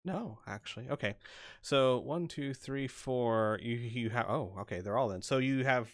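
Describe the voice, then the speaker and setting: A man's voice: medium pitch, normal speed, few pauses, no echo, studio quality. A man running an online tabletop game as game master, thinking aloud in a casual way while he works out rules and dice rolls.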